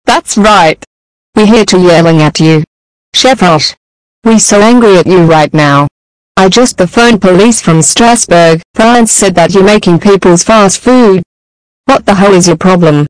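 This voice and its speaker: A woman's voice: mid-range voice, unhurried, dry recording, poor audio. A text-to-speech woman voice delivering an angry scolding as a mother in a fan animation. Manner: shouting scolding, broken grammar.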